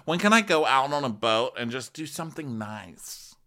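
A man's voice: medium pitch, big pitch swings, moderate pace, bright, forceful tone, pitched above the performer's own voice. A man voicing a whiny, fed-up young stewardess. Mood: complaining.

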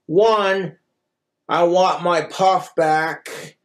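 A man from Wyoming with a notably high voice, rambling from one crude joke to the next. He talks in a loose livestream monologue, swearing freely. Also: steady tone, very slow. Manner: profane, rambling joke-telling.

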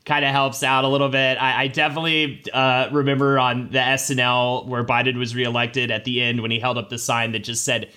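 A man's voice: mid-range voice, flat delivery, brisk, hardly any pauses, sharp tone, smooth. A man co-hosting a podcast who chats casually, often hesitating and repeating words as he starts. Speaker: podcast co-host. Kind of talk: casual gossip chat.

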